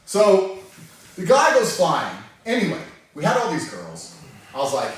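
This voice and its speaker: A man spins a rowdy anecdote with a lively, swooping voice, laughing as he goes. He sounds set back from the mic in an echoey room, with faint ambience behind. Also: mid-range voice, moderate pace, distant mic. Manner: animated, laughing, swearing freely. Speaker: storyteller on a podcast. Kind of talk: casual storytelling.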